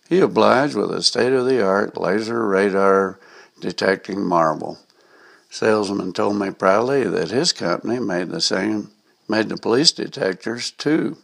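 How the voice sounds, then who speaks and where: A man with a gravelly voice reading a personal anecdote aloud, in a wry, self-mocking way. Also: fairly low pitch, a little slow. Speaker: storyteller.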